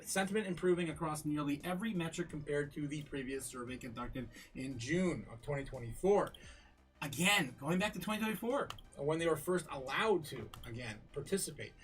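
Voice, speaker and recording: A man hosting a casual livestream, laughing often and rambling through fillers and restarts. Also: a little high. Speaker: crypto livestream host.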